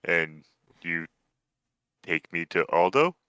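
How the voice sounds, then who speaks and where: A man voicing a simple-minded male half-orc scavenger who speaks in slow, broken phrases in a tabletop game. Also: deep voice, lively intonation, pushed and bright, clear, resonant tone, exaggerated voice. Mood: confused. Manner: broken, halting speech.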